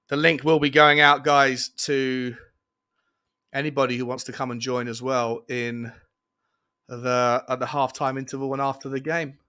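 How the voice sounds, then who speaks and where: A man hosting a live fan watchalong stream, chatting excitably and reading out viewer comments. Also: medium pitch. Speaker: fan show host. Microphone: earphones with mic, webcam.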